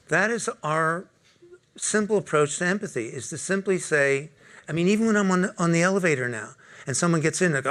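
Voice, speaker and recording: A man's voice: a little high, fairly quick, fairly bright tone. A man speaking at a corporate talk, leading a live group exercise and putting direct questions to the audience. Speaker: workshop speaker.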